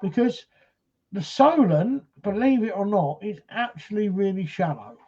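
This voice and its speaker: Man, raised but mellow voice, storytelling paranormal investigator, lo-fi camcorder sound. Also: sits high, expressive, measured pace, slightly rough. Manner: retells a story with many "he says" and acted quotes. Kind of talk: casual storytelling chat.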